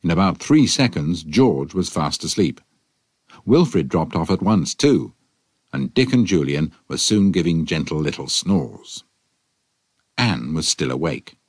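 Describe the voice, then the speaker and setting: A man narrating a children's adventure story in an expressive storytelling manner. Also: very deep voice, measured pace, slightly rough, dry recording.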